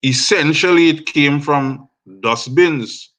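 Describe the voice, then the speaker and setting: Trinidadian man guest, unhurried, reflective storyteller, slow delivery. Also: a little high, a bit bright. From Trinidad and Tobago. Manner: measured, reflective. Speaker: guest musician. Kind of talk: storytelling interview.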